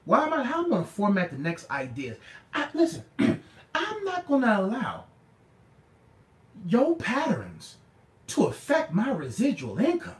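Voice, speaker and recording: A man preaching a sermon in a call-and-response style. He repeats slogans, shouts some lines and drops to low, quiet asides in others. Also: wildly swooping pitch, a little slow, pauses often, roomy sound. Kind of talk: preaching sermon to a live audience.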